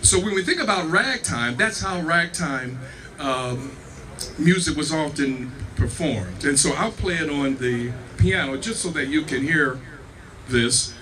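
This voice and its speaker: A man's voice: fairly high pitch, expressive, measured pace, bright, forceful tone, far from the mic. A man giving a live talk on music history, explaining patiently, checking in with the audience and humming rhythms to show them. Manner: sings and hums rhythms to demonstrate. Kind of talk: live performance with spoken music lecture. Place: performance venue with live audience.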